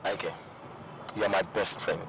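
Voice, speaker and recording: An actor playing a loyal best friend with a Nigerian accent, firmly refusing to take part. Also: male voice, low voice, steady tone, slow, background noise. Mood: reproachful. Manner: firm, reproachful.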